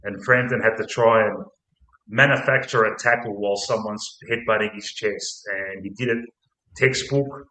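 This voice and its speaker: An Australian man hosting a casual football podcast, blunt, sweary and excitable. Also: fairly low pitch, moderate pace. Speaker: podcast host. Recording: roomy echo.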